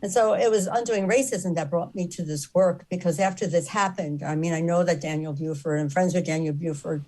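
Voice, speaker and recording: A woman's voice: fairly low pitch, brisk, few pauses, warm tone. A middle-aged woman telling a story in an earnest, impassioned way, repeating phrases for emphasis. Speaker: activist speaker.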